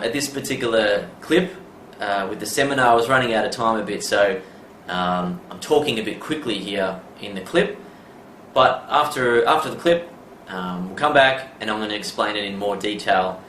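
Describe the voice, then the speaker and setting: A man's voice: fairly low pitch, normal speed, fairly bright tone. A middle-aged man, a dating coach talking through his advice in a loose, conversational way and saying "you know" a lot. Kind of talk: casual instructional monologue. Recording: roomy, distant mic, faint background noise.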